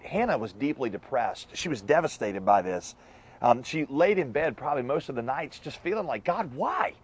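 Husky pastor, joking sermon. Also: male voice, medium pitch. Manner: conversational, joking asides.

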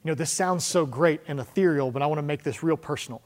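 A man preaching a sermon in a church, conversational, slowing down to stress key lines and asking the room questions. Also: on the high side. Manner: conversational preaching, slows for emphasis, rhetorical questions. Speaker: pastor. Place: church sanctuary with congregation.

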